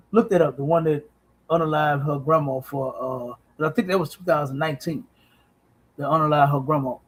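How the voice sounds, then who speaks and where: A man's voice: a little high, slightly rough. A man hosting a podcast, preaching emphatically with profanity and repeated "you understand?". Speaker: podcast host.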